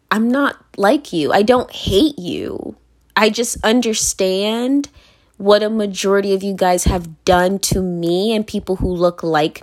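A woman from Virginia talking straight to camera in a blunt, profane monologue, repeating phrases for emphasis and laughing between points. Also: medium pitch. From Virginia, United States. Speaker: vlogger.

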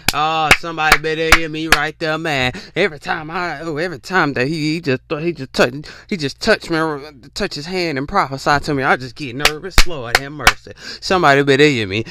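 A podcast host with a fairly high, sharp-toned voice gives a sermon-like motivational speech. He keeps calling out to his audience and frequently stammers, starting over with repeated words.

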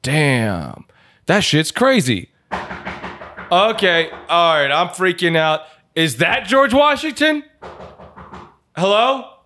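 Man as a giddy drug user, excitable, laughing, lively, slightly high voice. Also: takes it slowly, long pauses, faint music behind, heavily acted. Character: wild, giddy male drug user dressed as a president. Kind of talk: improvised comedy sketch.

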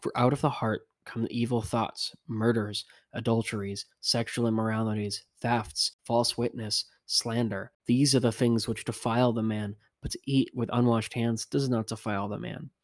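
A man reading the words of Jesus as a grave teacher, in a measured, even scripture-reading voice. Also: mid-range voice, no echo, clean studio sound, natural voice. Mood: solemn.

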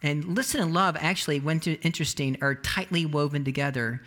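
A pastor delivers a sermon in a chatty, lively storytelling style, frequently starting his sentences over. His voice sits on the high side, and he talks a little fast.

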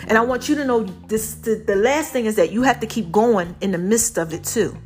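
A woman's voice: on the high side, normal speed, few pauses, faint music behind. A woman giving an impassioned faith testimony to her viewers, speaking through a tight throat, emphatic and repeating herself for stress. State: tight, constricted throat, a little choked up.

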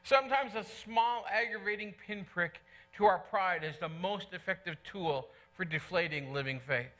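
A middle-aged man preaches in a church, his voice pitched high and ringing bright. He talks to the congregation in an earnest, conversational way and repeats key lines for weight. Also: normal speed. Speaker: pastor. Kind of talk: sermon.

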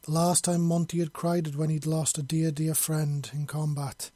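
A man narrating a fantasy story in a steady, measured read. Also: a little high, no echo.

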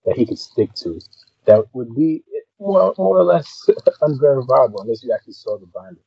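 A man's voice: mid-range voice, lively intonation, normal speed, gravelly, breathy edge, no room sound, lo-fi sound. A man co-hosting a casual podcast, telling a story in a laid-back way with dramatic flourishes. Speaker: podcast co-host. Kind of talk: casual chat.

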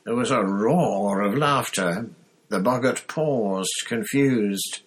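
A man reading a story aloud as narrator, in a measured, deliberate way. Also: lowish voice, slightly rough, rough recording. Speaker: audiobook narrator.

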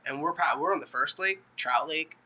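A young man hosting a podcast, telling a story in casual chat, animated and laughing often as he acts out quotes. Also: fairly high pitch, normal speed, breathy edge. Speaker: podcast host.

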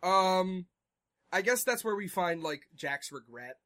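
A young man with a high, animated, bright voice co-hosts a relaxed podcast. He adds dry asides and laughs along with his friend. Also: measured pace. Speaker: podcast co-host. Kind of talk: casual chat recapping a TV episode.

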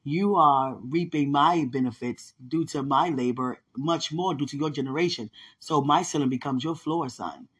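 A woman hosting a podcast, telling a personal faith testimony in casual, animated storytelling. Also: low-pitched, normal speed, hardly any pauses, husky. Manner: animated storytelling, acts out others' words. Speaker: podcast host.

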